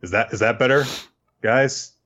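A man's voice: mid-range voice, moderate pace, a bit bright. Wry man on a dull lo-fi mic. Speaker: podcast co-host. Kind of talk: casual chat.

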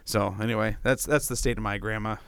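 A man's voice: lowish voice, steady tone, fast, vocal fry, fairly bright tone, clean tone, dry recording. A man in casual conversation, laughing often and teasing his friend. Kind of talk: casual chat.

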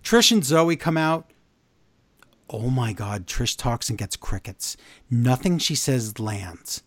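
A man's voice: takes it slowly, no room sound. A man co-hosting a wrestling podcast, recapping the week's shows in casual chat, growing exasperated and incredulous. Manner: animated, exasperated, voice climbs high in disbelief. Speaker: podcast co-host.

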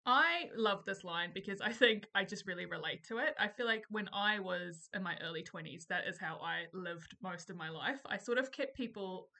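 A woman's voice: mid-range voice, sharp tone. A woman co-hosting a book podcast, speaking in a thoughtful, earnest way. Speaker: podcast co-host. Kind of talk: casual chat.

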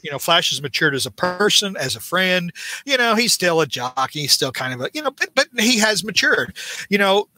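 A man with a bright, fairly high voice rambles through a comic recap, often exasperated and piling up restarts. The sound is dry and close to the mic. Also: very animated, moderate pace, dry recording. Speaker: podcast host recapping a comic. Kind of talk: casual chat.

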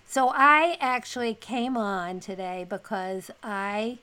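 A woman's voice: medium pitch, expressive, slow pace, bright, forceful tone, clear, resonant tone. A woman guest chatting casually and upbeat about her memories. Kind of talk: casual chat.

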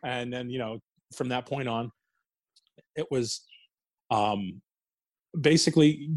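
A man's voice: mid-range voice, takes it slowly, pauses often, dry recording. A man telling wrestling stories in a casual interview, swearing freely and laughing as he goes. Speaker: guest, former wrestler.

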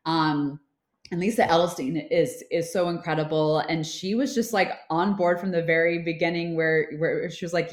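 A woman's voice: on the low side, fairly even intonation, moderate pace. Chatty woman in a roomy space. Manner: chatty, many fillers and restarts. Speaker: film producer, guest. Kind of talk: casual interview chat. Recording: roomy echo.

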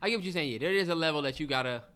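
A man's voice: a little high, animated, rapid-fire, pushed and bright, smooth. A man co-hosting a podcast in casual chat, talking with emphatic agreement. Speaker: podcast co-host.

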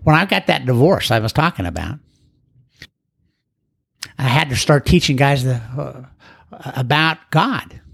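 A man's voice: mid-range voice, animated, a little slow, creaky, pauses often, a bit bright, slightly rough. An older man sharing his recovery story in a folksy, rambling, plain-spoken way. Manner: acts out other people's voices in quotes. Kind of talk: storytelling talk.

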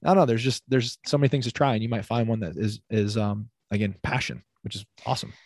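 Brief: energetic young man from the US Midwest, fitness coach guest, chatty filler-laden delivery, dry close mic. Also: lowish voice, fast talker, no echo. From Midwest United States. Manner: energetic, heavy use of "like". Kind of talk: casual podcast conversation.

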